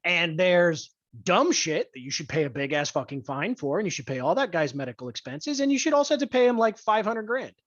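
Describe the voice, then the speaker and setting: A podcast host in a profane sports rant, angry, crude and blunt, stressing key words with deliberate emphasis. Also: medium pitch, very animated, no room sound. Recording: dull lo-fi dry recording.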